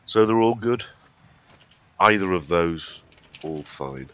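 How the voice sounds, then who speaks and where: A man's voice: deep voice, expressive, takes it slowly, a bit bright. A man from England with a cold, co-hosting a live stream in casual, jokey banter. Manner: chatty, banter with jokey asides. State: has a cold. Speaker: stream co-host.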